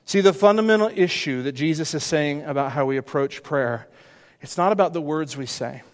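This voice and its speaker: A man's voice: on the high side, a little fast, long reverb tail. A middle-aged male pastor preaching a sermon, emphatic and full of rhetorical questions and repeated phrases.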